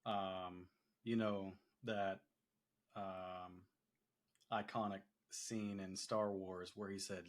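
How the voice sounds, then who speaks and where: A man co-hosting a casual chat, relaxed and hesitant, swearing offhandedly. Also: low-pitched, slow. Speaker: co-host.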